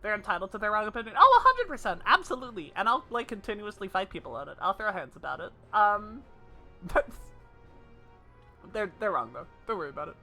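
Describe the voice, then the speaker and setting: A woman's voice: mid-range voice, animated, brisk, gravelly, sharp tone, soft background music. A woman streaming a game, chatting casually, laughing often and speaking emphatically. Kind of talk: casual live-stream chat while playing.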